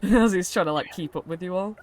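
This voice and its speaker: A woman's voice: lowish voice, a little fast. A woman narrating a tabletop game as game master in a rambling, giggly way, with lots of fillers.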